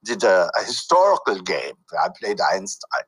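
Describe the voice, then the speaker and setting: A man's voice: low voice, huge pitch swings, moderate pace, fairly bright tone, slightly rough, poor audio. A man who works as a voice actor and coach, talking casually in an interview with many fillers and restarts.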